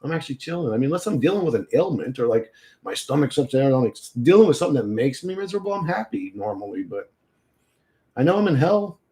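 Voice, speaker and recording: A man streaming live and talking straight to his viewers, loose and profane. His pitch swings widely as he gets worked up and laughs between sentences. He sounds like an ordinary casual talker who lets himself get loud and emotional. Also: big pitch swings, fast talker. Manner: laughs often mid-sentence. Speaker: livestreamer. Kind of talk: casual livestream rant.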